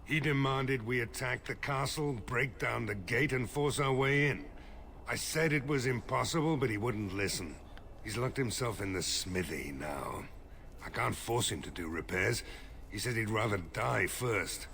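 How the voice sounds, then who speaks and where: A grim gravelly village mayor. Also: male voice, medium pitch, measured pace, fairly bright tone, slight background noise. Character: grim weary middle-aged male village mayor.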